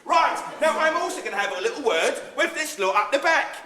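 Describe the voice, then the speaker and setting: A man hosts a stage melodrama with a high, lively voice and playful teasing of the audience. He is heard from far off in a very echoey theatre with an audience murmuring and laughing behind him. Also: a little fast. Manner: cheeky teasing of audience members. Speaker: narrator and compere of a live comedy melodrama.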